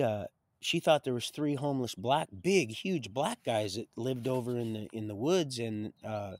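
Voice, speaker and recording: A man telling a rambling personal story on a livestream, often repeating and restarting his words. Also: medium pitch.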